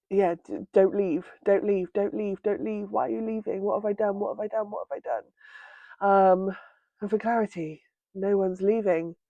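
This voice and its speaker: Soft-spoken tearful woman, muffled. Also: mid-range voice, no echo. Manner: tender, halting, pausing often with ums. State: tearful, red itchy eyes. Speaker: vlogger sharing a personal healing story. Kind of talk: reflective personal monologue. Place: indoors at home by a window.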